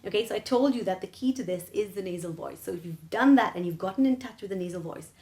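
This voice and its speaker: A woman with a medium-pitched, darkish voice talks fast while giving a singing lesson. She explains each point, checks in with "right?" and "okay?", and then sings short phrases to demonstrate.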